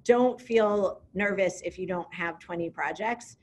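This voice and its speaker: A woman's voice: lowish voice, a little slow, darkish tone. A woman directing a program, speaking in a casual, upbeat way with frequent ums during an online information session.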